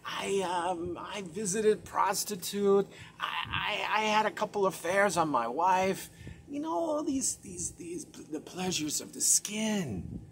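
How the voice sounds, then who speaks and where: A man's voice: sits high, animated, slow, slight background noise, heavily acted. A man voicing a sheepish older friend who confesses his sins hesitantly. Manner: hesitant, stammering, a bit sheepish.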